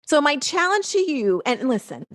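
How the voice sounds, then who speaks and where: A woman hosting a solo podcast, coaching listeners with blunt, energetic tough love and acting out the excuses she hears. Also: sits high, moderate pace, no echo, clean studio sound. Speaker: podcast host and social media coach. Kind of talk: solo podcast pep talk.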